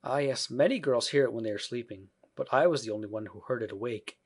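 A male narrator voicing a gentle, wistful grown woman who is a mother, speaking softly and apologetically, with some faltering. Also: mid-range voice, quick pace, breathy edge. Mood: gentle, sad.

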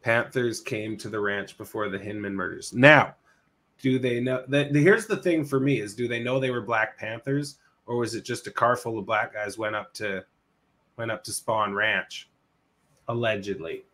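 A man co-hosting a podcast in casual chat, animated, swearing freely and laughing often. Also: on the low side, moderate pace. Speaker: podcast co-host.

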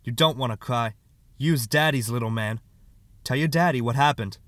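A man's voice: mid-range voice, moderate pace, a bit bright, dry recording, lightly acted. A man doing a stern, scolding father. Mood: coaxing. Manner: scolding, harsh questioning. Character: stern, angry father, middle-aged man.

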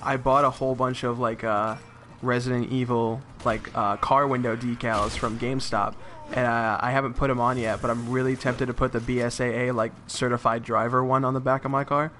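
A man hosting a gaming channel, chatting in a relaxed way and coaching his teammate through a co-op game. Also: medium pitch, fairly quick, slight background noise. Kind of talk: casual co-op gameplay chat.

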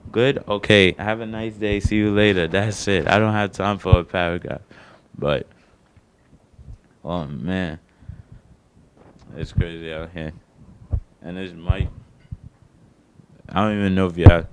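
Low, clear and resonant with no room sound, the voice belongs to a young comedian doing his first stand-up set on a small studio stage. He talks in a rambling, slangy way and mocks himself.

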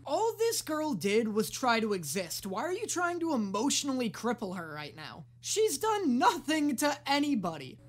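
An excitable woman reacts to a movie in casual, sarcastic commentary, with a fairly high voice that leaps around in pitch. She swears freely and often shouts at what she is watching. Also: normal speed, hardly any pauses. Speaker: reaction video host.

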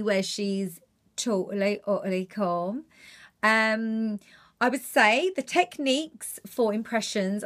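A chatty, encouraging Geordie woman impressionist giving a tutorial on doing impressions. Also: medium pitch.

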